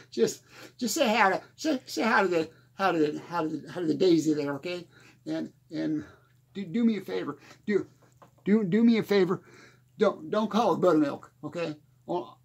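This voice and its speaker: A man playing a rambling small-town country singer, stammering and chuckling as he talks. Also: sits high. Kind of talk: comedic character monologue.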